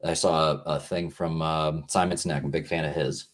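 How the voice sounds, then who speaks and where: A man's voice: very deep voice, flat delivery, a little fast. A man talking earnestly as a podcast guest, casual and rambling, with many fillers and restarts.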